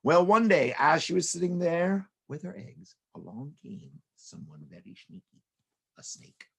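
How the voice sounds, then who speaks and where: A man telling playful children's stories, his pitch swinging widely as he narrates. His voice is gravelly and husky. He drops in sound effects and silly asides. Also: sing-song, measured pace, fairly bright tone. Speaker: children's storyteller. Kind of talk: storytelling for children.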